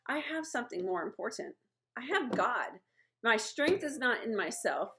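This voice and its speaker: A woman voicing a young male shepherd who speaks earnestly and with steady confidence, in her own everyday voice. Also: a little high, moderate pace, exaggerated voice. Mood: earnest, confident. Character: young male shepherd, calm and faith-filled.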